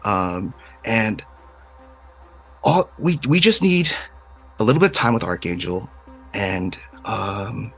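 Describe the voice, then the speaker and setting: A man's voice: fairly low pitch, expressive, takes it slowly, long pauses, a bit bright, husky, soft background music, pitched above the performer's own voice, exaggerated voice. A man voicing a scheming leader who patronizingly coaxes a child into a grim plan. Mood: coaxing. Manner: oily, patronizing, persuasive. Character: scheming manipulative leader, smooth and condescending.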